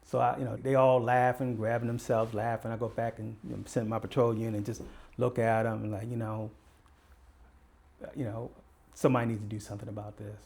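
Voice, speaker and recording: An older Baltimore man, a retired police detective, tells stories as a guest and acts out what the people in them said. His medium-pitched voice is creaky and darkish, with a flat, fairly quick delivery.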